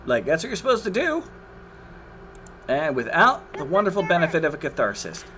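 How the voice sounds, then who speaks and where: A man's voice: a little high, sing-song, a little fast, sharp tone, a little hiss or hum. A man commentating his own gameplay on a live stream, exasperated, swearing and groaning at the game.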